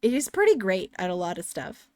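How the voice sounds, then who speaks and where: A woman's voice: medium pitch, sing-song, normal speed, darkish tone, no echo, clean studio sound. A woman streamer chatting casually while playing a game, rambling and sarcastic as she answers chat.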